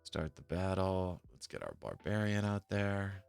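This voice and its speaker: A man's voice: low-pitched, sing-song, a little slow, vocal fry, darkish tone, clear, resonant tone. A man chatting casually on a live stream while playing a game and checking options trades, muttering and swearing when annoyed. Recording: faint music behind. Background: faint music.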